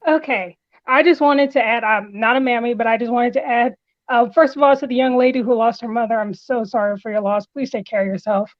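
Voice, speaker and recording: A woman's voice: a little high, fairly even intonation, brisk, no room sound. A woman calling into a live panel, polite and earnest. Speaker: caller. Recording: dull lo-fi call audio.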